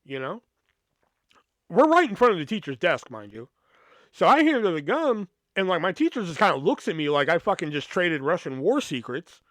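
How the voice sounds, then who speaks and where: A man's voice: high-pitched, big pitch swings, moderate pace, a bit bright, no room sound, clean studio sound. A man hosting a podcast, telling a long, rambling story from his school days with lots of swearing and filler words. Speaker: podcast host. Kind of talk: casual storytelling.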